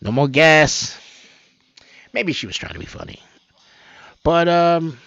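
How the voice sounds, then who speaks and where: A man's voice: fairly high pitch, animated, takes it slowly, creaky, fairly bright tone, no echo. A man hosting his own news commentary, reading reports aloud and rambling about them with frequent restarts. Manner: rambling, restarts often, mocks what he reads. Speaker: host of a news commentary channel. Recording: dull lo-fi dry recording.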